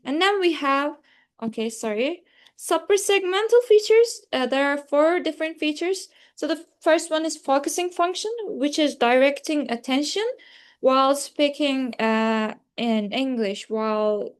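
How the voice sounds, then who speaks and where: High-voiced Turkish-accented young woman presenting. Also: smooth. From Turkey. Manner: hesitant, many fillers and self-corrections. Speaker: student presenter. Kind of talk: class presentation.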